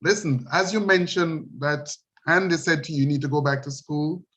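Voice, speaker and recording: A man's voice: fairly high pitch, normal speed, a bit bright. A man in his sixties with a Jamaican accent, hosting an interview in an encouraging, preacherly way. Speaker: host. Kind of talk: interview talk.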